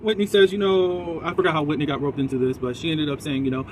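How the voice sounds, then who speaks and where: Recap host, male, higher voice, animated and opinionated, faint traffic hum behind. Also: fast, few pauses. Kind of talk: casual episode recap commentary.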